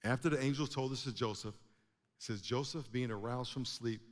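A man preaching a sermon to a congregation, animated, with emphatic rising bursts. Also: medium pitch, a little fast. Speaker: pastor. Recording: long hall reverb.

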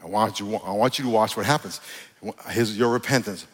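A man preaching a sermon in a large church, blunt and conversational, with jokes and words slowed down for emphasis. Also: fairly low pitch, slightly rough. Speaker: pastor. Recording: long reverb from a large hall.

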